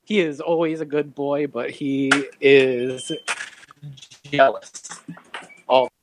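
A man calling in to a podcast, joking in a slow drawl over a glitchy line. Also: medium pitch, fairly even intonation, noisy background. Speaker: caller. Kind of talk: phone call-in chat. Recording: glitchy call with faint music behind.

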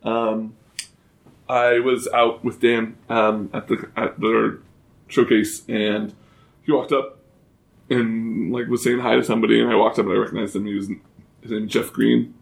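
A young man co-hosting a podcast, talking casually in a halting way with frequent restarts and ums. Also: on the low side, level tone, creaky. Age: young adult. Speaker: podcast co-host. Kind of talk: casual chat.

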